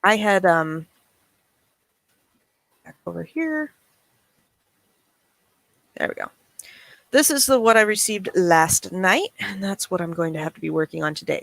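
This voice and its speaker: Gravelly middle-aged woman, dry close recording, wry livestream chat. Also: medium pitch, fairly bright tone, dry recording. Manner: chatty, wry, reading messages aloud. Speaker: reseller channel host.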